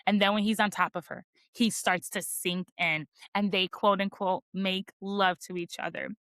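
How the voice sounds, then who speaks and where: On a book podcast, a woman gives a casual, chatty recap of a chapter, leaning heavily on "like" as filler and playfully teasing about the spicy scenes. Her voice is medium in pitch, steady, and fairly bright, delivered at a normal speed with no room sound.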